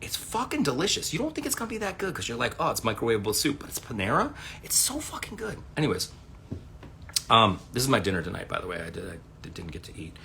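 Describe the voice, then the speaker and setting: A man's voice: medium pitch, fast, gravelly, slight background noise. A man in his forties talking casually at home on a livestream, rambling and swearing as he tells stories. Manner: rambling, profane, animated storytelling. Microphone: phone.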